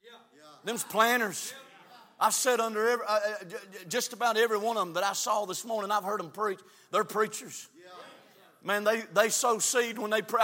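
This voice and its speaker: A middle-aged man preaching a fiery, folksy Baptist sermon from the pulpit, often shouting and drawing words out for emphasis. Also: extremely high pitch. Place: church sanctuary. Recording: long church hall reverb.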